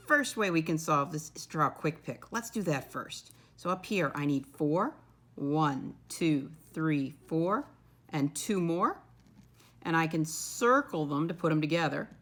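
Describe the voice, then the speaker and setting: A woman teaching a first-grade lesson. She talks to the children in a patient, encouraging way and counts aloud slowly and clearly. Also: on the low side, a bit bright. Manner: patient, encouraging, often says "my friends". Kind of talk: recorded classroom lesson.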